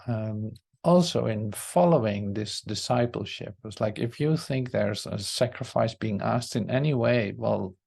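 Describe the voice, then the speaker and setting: Male group leader, reflective scripture talk, unhurried and searching, low dark tone. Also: vocal fry. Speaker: spiritual study group leader.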